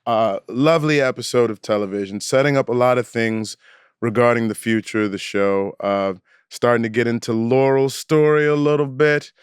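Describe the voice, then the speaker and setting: A man's voice: medium pitch, fairly even intonation, moderate pace, clear, resonant tone, no echo, clean studio sound. A man co-hosting a podcast, laid-back and slangy in casual chat. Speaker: podcast co-host.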